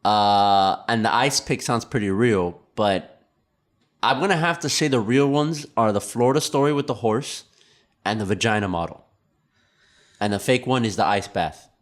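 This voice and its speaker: A man co-hosting a casual talk show, jokey and quick with wry asides. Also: on the low side. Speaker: podcast co-host. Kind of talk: casual chat.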